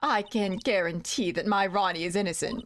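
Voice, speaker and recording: A woman's voice: medium pitch, moderate pace, a bit bright, slight background noise, natural voice. A woman voicing a flirty, doting woman who drops in French greetings, in a sing-song manner.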